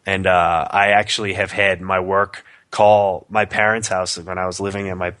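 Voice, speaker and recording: A man's voice: low voice, little pitch movement, normal speed, fairly bright tone, clear, resonant tone, no room sound, clean studio sound. A man with a cold and a nasal voice, co-hosting a casual chat and joking at his own expense. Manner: joking, self-deprecating. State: sick with a nasal voice. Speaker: podcast co-host.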